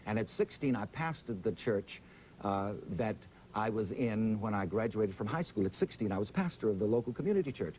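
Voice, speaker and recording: Male preacher, interview guest; animated pitch, slow dramatic emphasis, faint rumble. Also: rough recording. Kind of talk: interview answers, preacherly storytelling.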